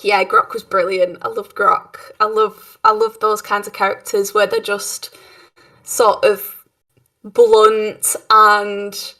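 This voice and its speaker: A woman's voice: medium pitch, fairly bright tone. Giggly Cockney woman, a bit distant. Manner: giggly, chatty, trails off and restarts. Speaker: player. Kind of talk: casual chat.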